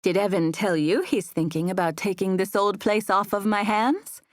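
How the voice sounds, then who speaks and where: A woman's voice: medium pitch, steady tone, moderate pace, dry recording, lightly acted. A woman voicing a chatty, meddling older hostess who nudges people along. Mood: nudging. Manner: chatty, nudging.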